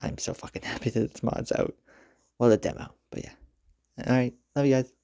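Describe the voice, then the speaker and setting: A man hosting a let's play at home late at night, talking quietly but clearly excited. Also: mid-range voice, fairly quick, no room sound, clean studio sound. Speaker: gaming YouTuber host. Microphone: handheld mic held close.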